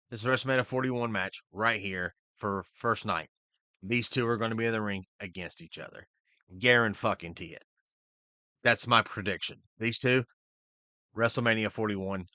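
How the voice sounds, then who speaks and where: A man hosting a podcast, recapping a wrestling show in casual, profane chat and quickly voicing the people he quotes. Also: mid-range voice, dry recording. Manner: profane, excitable, retells scenes in quick voices. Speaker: podcast host.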